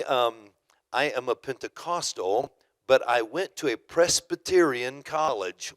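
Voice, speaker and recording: A man's voice: medium pitch, fairly bright tone, no room sound. A middle-aged male pastor teaching at a church conference, telling stories and acting out quotes with emphasis. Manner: storytelling, emphatic, acts out quotes. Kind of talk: sermon-style teaching. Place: church auditorium.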